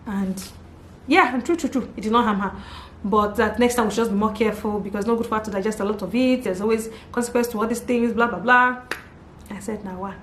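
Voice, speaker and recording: A Nigerian woman in her thirties telling a story to her vlog audience in a casual, animated and dramatic way. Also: fairly high pitch, quick pace. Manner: animated, dramatic retelling with exclamations. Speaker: vlogger. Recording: echoey room with faint background hum.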